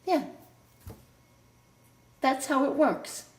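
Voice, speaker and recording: A mother with a high, animated voice reminisces extremely slowly about family history to her grown child, meandering, circling back and correcting herself. The recording sounds roomy and echoey, like an open room at home.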